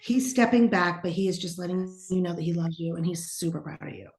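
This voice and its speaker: A woman's voice: fairly low pitch, fairly quick. Sassy, blunt woman medium in an echoey room. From eastern United States. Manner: sassy and blunt, drops into hushed whispers when quoting. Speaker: psychic medium guest. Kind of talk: casual podcast conversation.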